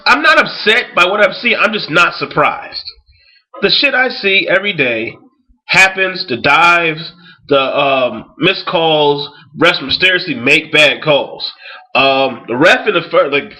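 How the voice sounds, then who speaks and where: A man's voice: high voice, pushed and bright, rough recording. A man ranting about sports in a vlog, angry and profane, swearing heavily with a swaggering delivery.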